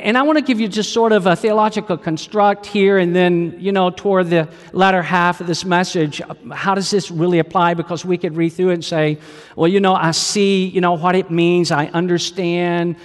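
In a large hall, a male pastor with a high voice delivers a sermon. He tells a story and poses questions to his listeners.

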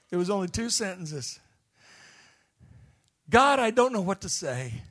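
A man from Illinois preaching a sermon, telling a story that swings from hushed, quiet passages to loud shouting. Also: high voice. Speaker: missionary preacher.

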